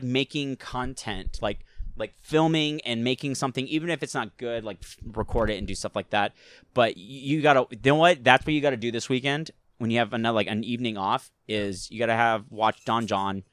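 Rambling man with a clear voice. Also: medium pitch, no room sound. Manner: rambling, animated, lots of fillers and profanity. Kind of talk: casual chat.

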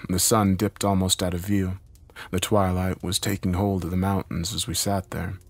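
A man narrating a first-person horror story in a somber, measured storytelling manner. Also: low-pitched.

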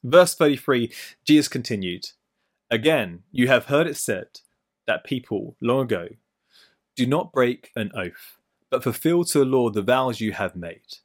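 A man's voice: mid-range voice, measured pace. A middle-aged man preaching a sermon, explaining a Bible passage with playful everyday stories and asides. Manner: lively storytelling with playful asides.

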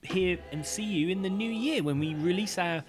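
A man's voice: sits high, moderate pace, faint music behind. A man co-hosting a science podcast, telling stories in a rambling casual way with plenty of ums. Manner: rambling storyteller with many ums. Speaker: podcast co-host.

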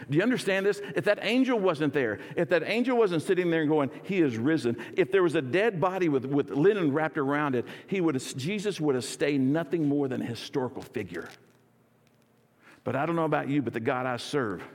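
Energetic pastor in a reverberant church. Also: male voice, fairly high pitch. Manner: energetic, leads congregation in call and response. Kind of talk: sermon. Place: church sanctuary.

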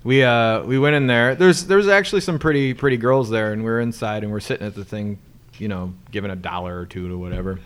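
A man's voice: fairly low pitch, fast, clean tone. A man hosting a podcast, telling a long story in casual chat, rambling and laughing often. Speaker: podcast host.

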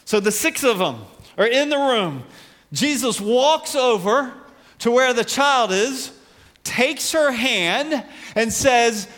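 A man's voice: extremely high pitch, expressive, slow, fairly bright tone. A man preaching a conversational sermon as a pastor, acting out voices from the Bible story. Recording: long hall reverb.

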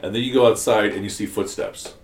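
A man's voice: fairly low pitch, fairly even intonation, fairly quick, echoey room, slight background noise. A man teaching a class, explaining ideas step by step and asking his students questions. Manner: explanatory, asks the class questions, many restarts. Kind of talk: classroom commentary on scripture.

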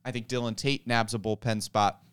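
A man's voice: lowish voice, little pitch movement, brisk, fairly bright tone, smooth. A man co-hosting a casual sports podcast, joking around and then laying out his analysis point by point. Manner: jokey, then lays out a list analytically. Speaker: podcast co-host. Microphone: handheld mic.

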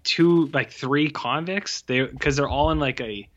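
A man's voice: fairly high pitch, unhurried, a bit bright, highs cut off. A man in a casual movie review chat, rambling and swearing, with lots of filler words. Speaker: podcast co-host.

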